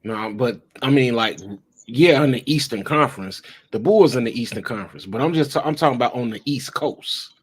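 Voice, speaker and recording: A man's voice: medium pitch, expressive, brisk, hardly any pauses. A man co-hosting a casual sports radio chat, insistent and repeating himself to make his point.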